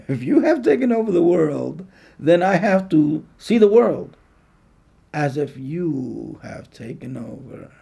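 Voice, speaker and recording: Gravelly, slow-talking male preacher. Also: on the high side, very animated, dark tone. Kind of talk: sermon.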